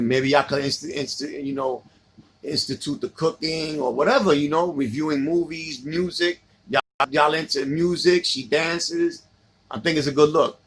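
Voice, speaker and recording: A man's voice: fairly high pitch, slightly rough. A middle-aged man with a New York accent, chatting casually on a livestream, reminiscing about old friends and answering viewer comments.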